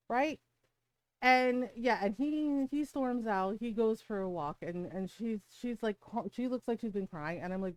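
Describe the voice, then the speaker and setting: A woman's voice: fairly high pitch, unhurried, smooth, no room sound, rough recording. A middle-aged woman streamer telling a personal story in casual, heated talk, often swearing and tagging "right?" onto her sentences. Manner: heated, profane, rhetorical "right?" asides. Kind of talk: casual storytelling while gaming.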